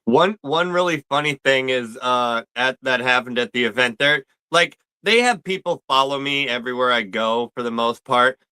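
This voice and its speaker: A laid-back male guest who rambles through his story with plenty of fillers. His voice is very bright and crisp, and it sounds dry and close, with no room echo. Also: mid-range voice, normal speed, hardly any pauses. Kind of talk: casual chat.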